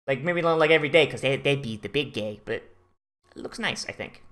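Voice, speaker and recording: A host giving casual, rambling commentary after an anime watch-along, animated and full of swearing. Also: mid-range voice, a little fast.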